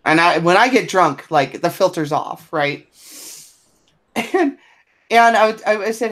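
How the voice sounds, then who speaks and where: A woman's voice: fairly low pitch, lively intonation, unhurried, pauses often. A woman chatting on a podcast, telling a profane, blunt anecdote and laughing through it. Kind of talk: casual chat, anecdote telling.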